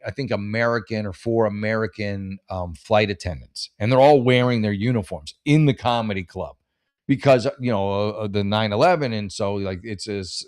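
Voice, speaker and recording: A middle-aged man, a stand-up comedian, telling a rambling, profane, self-mocking story in casual chat. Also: lowish voice. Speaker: comedian hosting a podcast.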